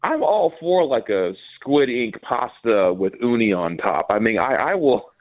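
Co-host, male, lively anecdotes, narrow phone-line audio. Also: measured pace. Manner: animated storyteller, mimics people in a higher voice. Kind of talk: casual chat. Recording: dry, phone-like narrow sound.

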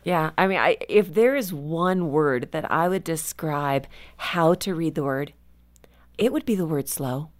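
Earnest woman guest telling stories. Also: deep voice. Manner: earnest, storytelling, slows down for emphasis. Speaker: guest author. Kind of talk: conversational radio interview.

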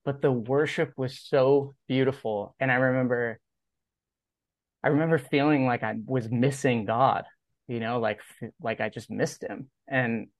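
A man's voice: mid-range voice, fairly even intonation, a little slow, no room sound. A man, a guest on a podcast interview, telling a personal story in a casual, rambling way, full of "like" and acted-out quotes. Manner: rambling, heavy use of "like", acts out quoted dialogue. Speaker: podcast guest, pro skateboarder.

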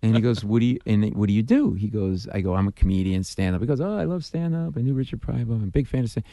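A man, a stand-up comedian, telling a story in an animated way, acting out the voices and shrieking at the funny parts. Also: lowish voice, fast talker, no room sound, clean studio sound. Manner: acts out dialogue, mimics screams, self-deprecating.

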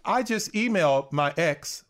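A man's voice: a little high, lively intonation, measured pace, fairly bright tone, slight background noise. An American man hosting a call-in podcast, joking around in a loose, casual way and often repeating himself. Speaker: podcast host.

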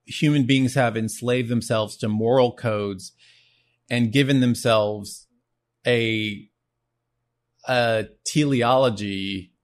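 Earnest man talking philosophy. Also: fairly low pitch. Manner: earnest, repeats words as he thinks. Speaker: show host. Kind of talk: solo talk on philosophy.

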